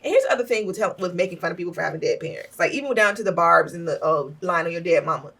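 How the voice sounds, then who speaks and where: A woman co-hosting a podcast, telling stories in a blunt, profane, animated way. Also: on the low side, racing, distant mic. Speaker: podcast co-host. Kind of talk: casual chat.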